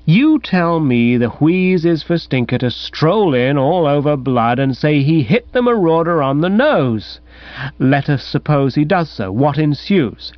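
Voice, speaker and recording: A man reads comic first-person narration with a wry, lively delivery, his voice sitting a little high and moving a lot. The recording is close and dry, with a dull, muffled top end. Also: measured pace, no echo. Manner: wry, animated storytelling. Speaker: audiobook narrator.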